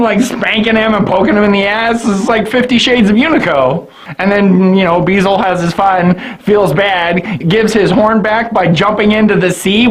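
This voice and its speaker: A man's voice: sits high, low-quality recording. A drunk man rambling through a comedic anime review, swearing and laughing often.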